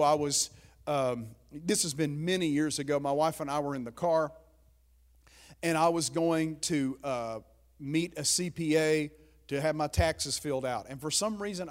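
A man preaching a sermon as pastor, emphatic and exhorting his listeners. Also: on the high side.

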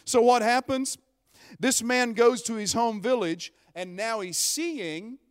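A man preaching a sermon, retelling a Bible story in lively storytelling fashion and voicing the characters' lines. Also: very high voice, slow, smooth, big-room sound.

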